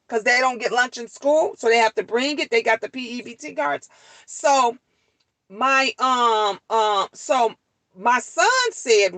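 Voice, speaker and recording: A grandmother hosting a talk show, telling stories and scolding in an animated, outspoken way. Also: fairly high pitch, dry recording, rough recording. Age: older. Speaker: show host. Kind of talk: casual monologue to listeners.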